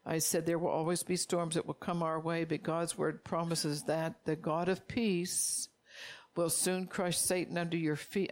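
A woman's voice: sits low, a little mellow. A woman preaching a sermon, repeating phrases for emphasis and reading scripture aloud as she urges her listeners directly.

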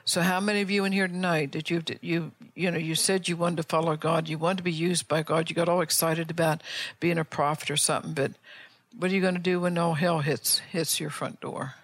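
A woman's voice: lowish voice, fairly even intonation, brisk, no room sound. Fervent older woman preaching, dry sound. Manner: fervent exhorting with rhetorical questions; frequent restarts and repeated words. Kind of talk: sermon before an altar call.

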